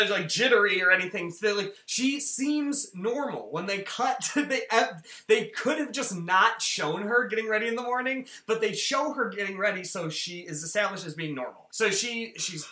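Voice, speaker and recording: A podcast co-host recaps a film in loose, animated chat, leaning on fillers and quick laughs. The voice is bright and of middling pitch. The room adds a noticeable echo. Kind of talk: casual film discussion. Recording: roomy echo.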